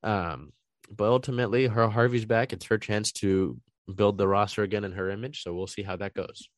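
A man's voice: fairly low pitch, steady tone, brisk, no echo. A man giving a casual solo recap of soccer trades, talking through his thoughts with frequent ums and uhs. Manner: conversational, frequent ums and uhs, thinking aloud.

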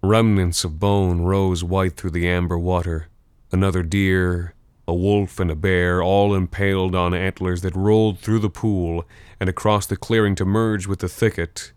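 A man narrating a first-person horror story in a measured, tense way. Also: deep voice, fairly even intonation, smooth, no echo.

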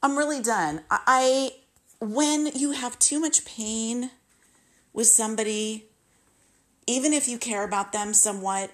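A woman in her late fifties telling a personal story in a candid, emotional way, often repeating herself. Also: mid-range voice. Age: 50s. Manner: candid, emotional, repetitive retelling.

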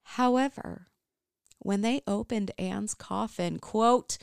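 A young adult woman hosting a podcast, telling a story in casual chat, animated, swearing freely and often breaking into laughter. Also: medium pitch, slow pace, gravelly, smooth, no echo, clean studio sound.

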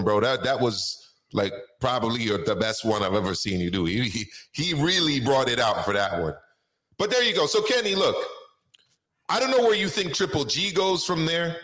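A man's voice: medium pitch, lively intonation, normal speed, a bit bright, echoey room. A man co-hosting a casual boxing talk show, stretching names out in a sing-song way for emphasis.

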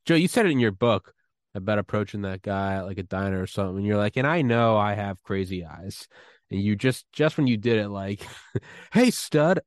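Man, low voice, podcast host, casual chat, dry close sound. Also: expressive, brisk, dry recording.

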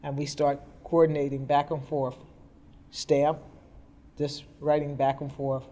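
A little slow and warm, with a low voice that barely moves in pitch, a middle-aged woman guest shares her life story in an indoor interview. She is earnest and plainspoken, captured on a podcast mic.

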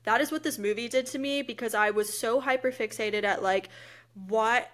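A young woman co-hosting a podcast, gushing in casual chat with quick laughs. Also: fairly high pitch, a bit bright. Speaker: podcast co-host.

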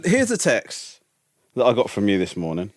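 A man co-hosting a podcast who teases and needles his partner with sarcastic banter. His pitch moves about expressively, and the recording is dry and close. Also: wildly swooping pitch, normal speed, no room sound. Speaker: podcast co-host. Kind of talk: casual chat.

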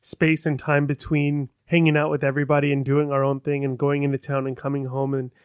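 A man's voice: medium pitch, monotone, brisk, smooth, no room sound. An easygoing American man in casual conversation with a mid-range voice. He is agreeable and laughs along often. The recording is dry and close, with no room sound. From United States. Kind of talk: casual chat.

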